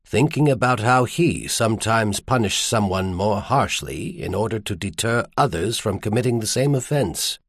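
A man voicing a grave, gentle earl. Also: on the low side, lively intonation, dry recording, studio quality. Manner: measured, gentle and somber. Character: grave middle-aged male earl, gentle but grim. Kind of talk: audiobook character voice.

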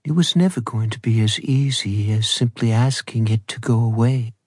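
A man voicing Liliana, a sweet, husky old woman. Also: mid-range voice, moderate pace, a little mellow, no room sound, lightly acted. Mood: gentle.

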